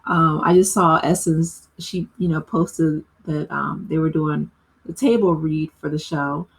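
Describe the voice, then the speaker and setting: A woman's voice: low-pitched, fairly even intonation, measured pace, vocal fry. A woman casually recapping a TV episode for her channel, talking in a loose way with lots of "you know" and "like" and frequent laughs. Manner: chatty, filler-heavy with frequent "you know" and "like"; laughs often while talking.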